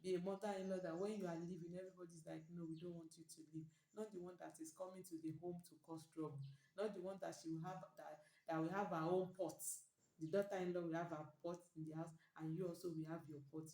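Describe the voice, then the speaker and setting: Middle-aged woman, motivational talk, earnest and repetitive, mellow low voice. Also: fairly even intonation, fast. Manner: earnest, exhorting, repeats key phrases. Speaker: speaker giving family advice. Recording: roomy echo.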